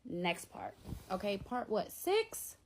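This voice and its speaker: A young adult woman telling a casual storytime in a blunt, animated, slangy way, often checking in with her viewers. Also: mid-range voice, slow, a little hiss or hum.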